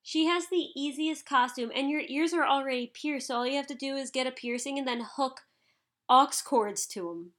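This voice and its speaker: Bubbly high-voiced woman co-host. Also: normal speed. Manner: bubbly, excitable and giggly. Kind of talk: casual chat about anime.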